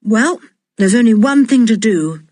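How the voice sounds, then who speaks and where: A sensible, take-charge boy in a children's audiobook, voiced by a woman, pitched somewhat high. He explains with lively rises and falls, and the read is close and dry. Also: measured pace, no echo. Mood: decisive.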